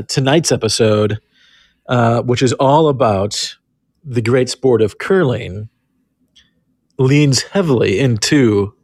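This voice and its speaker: A man's voice: mid-range voice, no echo, clean studio sound. A man co-hosting a casual podcast with his wife, easygoing and laughing often. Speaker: podcast co-host. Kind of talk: casual chat.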